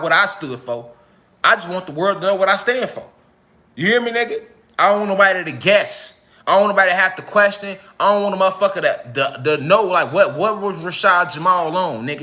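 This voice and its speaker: High, bright-voiced profane monologuing man. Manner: profane, emphatic, repeats rhetorical questions. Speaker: online talk host. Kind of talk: casual monologue to viewers.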